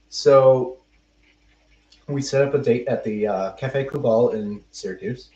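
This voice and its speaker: A man's voice: medium pitch, a little slow, warm tone. Young male podcast host, self-mocking storyteller, muffled distant sound. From United States. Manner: rambling, self-mocking, restarts mid-sentence. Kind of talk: casual storytelling chat. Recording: roomy, distant and muffled mic.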